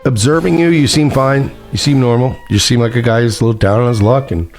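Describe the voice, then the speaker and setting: A man putting on the voice of a calm, businesslike male jail psychiatrist, speaking a little higher than his own voice. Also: fast talker, faint music behind, lightly acted.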